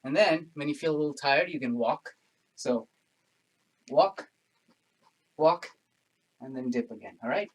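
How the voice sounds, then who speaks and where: A man's voice: fairly high pitch, measured pace, pauses often. A man leading a workout class, panting from the exercise and chatting and joking through the effort. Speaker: fitness instructor. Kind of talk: home workout class instruction.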